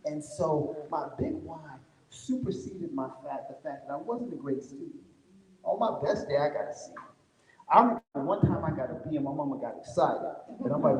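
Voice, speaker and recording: A fairly high-voiced man gives a folksy motivational talk to a live crowd. His voice rings through a large hall with a long, roomy reverb. He tells his story as if chatting with the room. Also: animated, moderate pace, darkish tone. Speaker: conference speaker.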